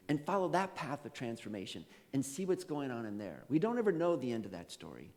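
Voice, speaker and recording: A man's voice: fairly high pitch, sing-song, fast talker, gravelly, few pauses, a little mellow, in a large hall. A male pastor preaching a sermon, telling a story with laughs and quoted voices. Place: church sanctuary.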